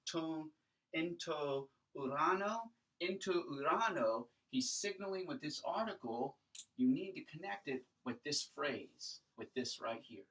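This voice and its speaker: A man's voice: a little high, fairly bright tone, recorded from a distance, low-quality recording. A man teaching a Greek grammar lesson at a whiteboard, thinking aloud as he writes and checking in with rhetorical questions. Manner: explanatory, thinks aloud while writing, asks rhetorical checks. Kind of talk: recorded classroom lecture at a whiteboard.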